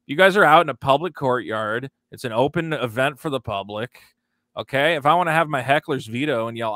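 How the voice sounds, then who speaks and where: A man's voice: medium pitch, animated, fast talker, sharp tone, no echo, studio quality. A man, a comedian guest in a casual interview, talking in a sardonic, joking way. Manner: sardonic, joking, quotes people in mocking voices.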